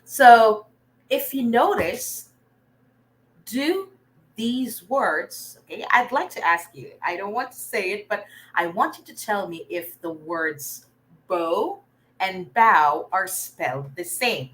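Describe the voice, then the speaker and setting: A woman's voice: mid-range voice, expressive, slow pace, a bit bright, poor audio. A Filipino woman teaching an online reading lesson, encouraging and often checking in with her learners. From Philippines.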